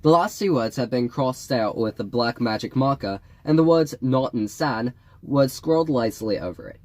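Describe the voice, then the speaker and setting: A man reading an audiobook in a wry, measured storytelling manner. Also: medium pitch, lively intonation, darkish tone, no echo. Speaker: audiobook reader. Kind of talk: audiobook narration.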